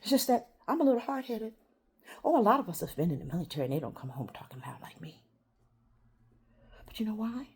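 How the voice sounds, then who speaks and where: Woman swinging from shouts to whispers. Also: mid-range voice, expressive, fast, long pauses, husky. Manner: swings between loud outbursts and hushed whispers; confrontational, addresses unseen listeners. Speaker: vlogger. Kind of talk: rambling monologue to camera.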